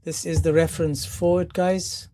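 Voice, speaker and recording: A man with a fairly high voice runs a heated live-stream debate, mocking his opponent and cutting him off again and again. The sound is dry and close. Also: level tone, moderate pace, mellow, no echo. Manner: combative, mocking, interrupts often. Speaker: debate host.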